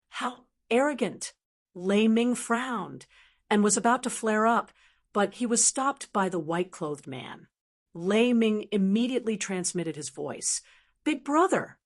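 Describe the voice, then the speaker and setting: A woman reads a fantasy audiobook aloud in a steady, even narration. Her voice sits at a plain middle pitch and keeps an unhurried storytelling flow. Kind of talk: scripted narration.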